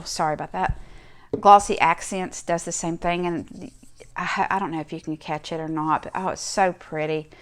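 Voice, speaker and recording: Casual crafting vlogger, woman, middle-aged, lowish voice, chatty and enthusiastic. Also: a bit bright. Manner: chatty and enthusiastic, gushing over her cards. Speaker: crafting channel host. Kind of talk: casual show-and-tell vlog.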